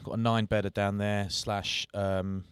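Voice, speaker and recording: A man's voice: on the low side, level tone, normal speed, clean tone, dry recording. A middle-aged man co-hosting a podcast, telling self-mocking stories in casual chat. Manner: jokey storytelling, self-mocking. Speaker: podcast co-host.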